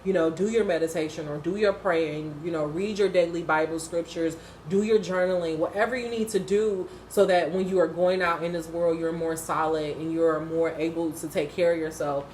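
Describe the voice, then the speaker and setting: A woman's voice: fairly low pitch, steady tone, normal speed, hardly any pauses, darkish tone, roomy sound, a little hiss or hum. A woman giving unscripted, casual commentary on a TV episode, blunt, profane and impassioned. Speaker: TV episode reviewer.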